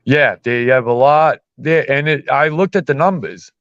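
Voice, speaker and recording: A man's voice: mid-range voice, moderate pace, fairly bright tone, no echo. A man talking in a casual podcast chat, blunt, heated and full of swearing. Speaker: podcast host. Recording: dull muffled dry sound.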